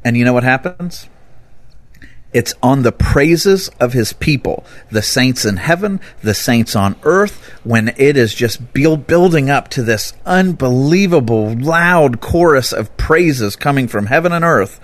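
A man explaining scripture in a relaxed, conversational way, bursting into loud, lively emphasis when he quotes it. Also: medium pitch, unhurried, no room sound. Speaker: Bible teacher. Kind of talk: conversational teaching talk.

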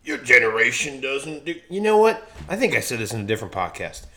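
A man's voice: mid-range voice, big pitch swings, rapid-fire, sharp tone, echoey room, heavily acted. A man on a podcast putting on a grumpy old country redneck who rants crudely and blusters. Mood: ranting. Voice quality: profane, blustering. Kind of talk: podcast bit.

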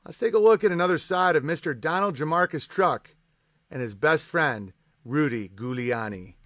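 A man hosts a live stream with a ranting, profane edge, his voice sitting a little higher than most men's. He sounds sarcastic and combative as he works through the chat. The sound is close and dry, with almost no room around it. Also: expressive, moderate pace, fairly bright tone, no echo.

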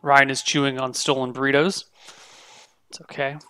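A man running a tabletop game as game master, chatty and relaxed. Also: mid-range voice, moderate pace, clear, resonant tone.

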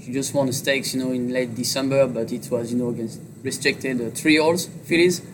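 French-accented man, halting and noisy. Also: mid-range voice, steady tone. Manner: halting, filler-heavy speech with many "you know"s. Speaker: jockey. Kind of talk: interview on horse racing.

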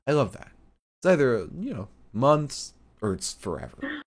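A man's voice: mid-range voice, huge pitch swings, moderate pace. A man co-hosting a podcast, recapping a show in rambling casual chat with lots of fillers and laughs. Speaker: podcast co-host.

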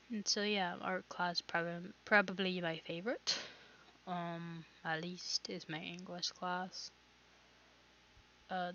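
A woman's voice: on the low side, pushed and bright, lo-fi sound, slight background noise. A teenage girl hosting her own podcast, chatting casually and rambling with lots of fillers and restarts. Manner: rambling, filler-heavy, self-interrupting. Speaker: podcast host. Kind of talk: casual solo podcast chat.

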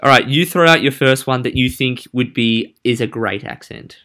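A man in relaxed conversation, teasing his co-host and laughing often. His voice sits at an ordinary middle pitch and carries an easy, joking tone. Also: moderate pace. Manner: playful, laughs often, tries out put-on accents badly. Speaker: podcast co-host. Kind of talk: casual chat.

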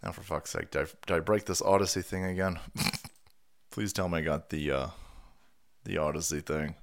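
A man's voice: low voice, fairly even intonation, normal speed. A man hosting a casual livestream, congested from a cold and a bit winded, talking in a sarcastic, profane, rambling way. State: stuffy nose from a cold. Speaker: streamer host.

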